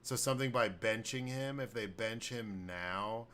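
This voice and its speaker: A man hosts a casual sports podcast, his voice sitting on the low side. He rambles through blunt, profane football takes. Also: a little slow, pushed and bright, a little hiss or hum. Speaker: podcast host.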